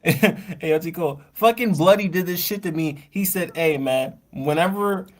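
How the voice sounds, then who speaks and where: High-voiced man shouting "hey, yo". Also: moderate pace. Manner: excitable, repeats "hey, yo", laughs a lot. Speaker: podcast co-host. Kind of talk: casual sports chat.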